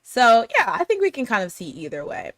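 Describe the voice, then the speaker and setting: A woman hosting a casual anime chat, rambling through a recap with many fillers and quick laughs. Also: a little high, wildly swooping pitch, fairly bright tone, dry recording. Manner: chatty, lots of fillers and laughter. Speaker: podcast host.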